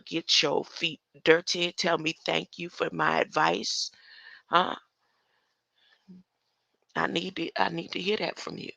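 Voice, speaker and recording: A woman's voice: deep voice, vocal fry, pushed and bright, no echo. An older woman in a casual livestream rant, confrontational and tossing in rhetorical questions as she goes. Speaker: online commentator.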